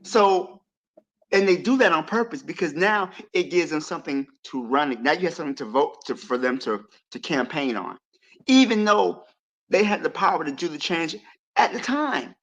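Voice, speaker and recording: A man on a panel show making an animated argument, pressing his points with rising emphasis. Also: fairly high pitch, moderate pace, lo-fi sound. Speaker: panel guest. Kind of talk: heated panel debate.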